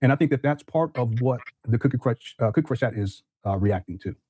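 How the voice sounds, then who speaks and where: A man's voice: medium pitch, expressive, brisk, dark tone, husky. A male show host explaining step by step to his viewers, careful and hesitant, with many fillers.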